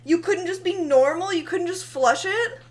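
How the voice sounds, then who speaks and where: A woman's voice: very high-pitched, moderate pace. A woman in casual banter, teasing and exasperated, scolding the other speaker. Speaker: host, mother in a comedic conversation.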